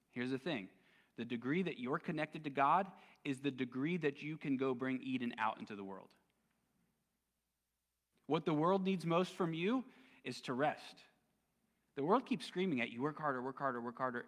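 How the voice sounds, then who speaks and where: A man's voice: medium pitch, a bit bright, in a large hall. A man preaching a sermon as pastor, conversational and casual, with plenty of slang. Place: church sanctuary.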